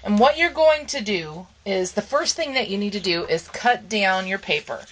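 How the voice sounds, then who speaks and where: A woman hosting a crafting channel runs a casual papercraft tutorial, talking through each step with frequent ums and okays. Her mid-range voice is expressive at normal speed, but she's losing it and keeps clearing her throat. The audio is poor.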